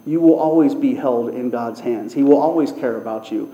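A man's voice: medium pitch, moderate pace, warm tone, muffled recording. A man preaching a sermon in an earnest, repeating cadence, as a pastor. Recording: echoey hall with long reverb.

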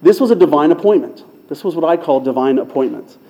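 A man preaching in a relaxed, conversational way, working through a personal anecdote with filler words and a self-deprecating edge. His voice is mellow and sits a little high for a man, and the recording sounds slightly dull and lo-fi. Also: fast. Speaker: pastor. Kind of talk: sermon-style storytelling.

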